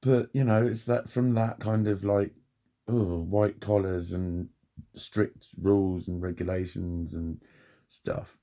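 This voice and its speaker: A man's voice: deep voice, fairly even intonation, slow, warm tone. A man in his forties, talking in a rambling personal vlog monologue, sweary and chatty, laughing at himself often. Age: 40s. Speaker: vlogger.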